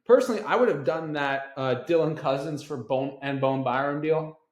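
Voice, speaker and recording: A man co-hosting a casual sports podcast, steady and steering the talk, with frequent ums. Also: on the high side, moderate pace. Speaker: podcast co-host. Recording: echoey room.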